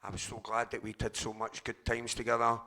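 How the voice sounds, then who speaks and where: A middle-aged Glaswegian man shares his recovery story at a convention. His voice is gravelly and edged with a bright, sharp tone. He talks in a raw, unpolished way, swears freely and often stops and restarts. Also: mid-range voice, completely flat delivery, fairly quick. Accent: Glaswegian Scottish. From Scotland, Glasgow. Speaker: speaker sharing at a recovery convention.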